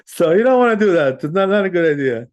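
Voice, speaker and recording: Relaxed male rabbi teaching, conversational and a bit higher-pitched. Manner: conversational, sprinkles in "right?" and "you know", chuckles often. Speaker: rabbi teaching Jewish law. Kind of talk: casual Torah class.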